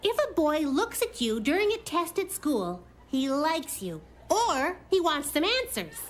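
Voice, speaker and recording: A woman's voice: sits high, very animated, unhurried, background noise. A giggly cartoon girl. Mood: cheeky. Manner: giggly, playful storytelling. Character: chatty cheeky young girl. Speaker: narrator character. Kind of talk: cartoon monologue to the audience.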